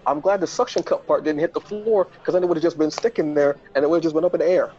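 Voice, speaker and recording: A male podcast host telling a casual, self-mocking story and jumping into high, flustered voices when he quotes himself. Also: fairly even intonation, quick pace, warm tone, lo-fi sound.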